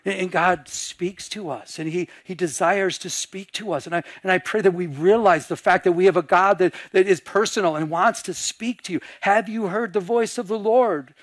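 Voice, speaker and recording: A man with a fairly high voice preaches with animation, dropping into hushed voices as he acts out little scenes. The sound is dry and close, with no room around it. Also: moderate pace, hardly any pauses, no room sound. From Michigan. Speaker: pastor. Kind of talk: sermon.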